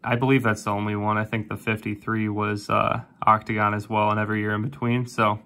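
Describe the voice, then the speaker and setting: Man, low pitch, flat delivery, casual coin-sorting narration, close mic. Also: a little fast. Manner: calls out coin dates one after another in a low-key way. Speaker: coin roll hunting channel host.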